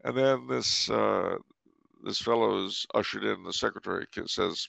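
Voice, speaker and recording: A man's voice: fairly low pitch, normal speed, gravelly, a bit bright, no room sound, low-quality recording. A man hosting a podcast, telling a story with dry, wry commentary. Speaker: podcast host.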